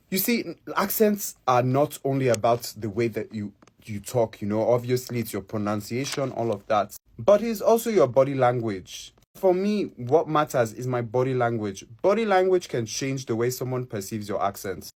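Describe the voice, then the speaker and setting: A man with a Nigerian accent ranting casually to camera as a vlogger, animated and emphatic, speaking straight to his viewers. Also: medium pitch, normal speed.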